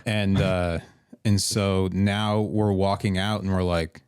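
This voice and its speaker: A man's voice: sits low, flat delivery, slow, a little mellow, clear, resonant tone, no echo, clean studio sound. A man who works in emergency response, a podcast guest telling a rambling, profane story in casual chat. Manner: rambling, profane, restarts sentences.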